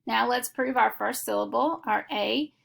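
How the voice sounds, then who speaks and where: A woman teaching a phonics lesson, explaining each step slowly and methodically. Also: a little high, gravelly, a bit bright. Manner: slow, deliberate, methodical explanation.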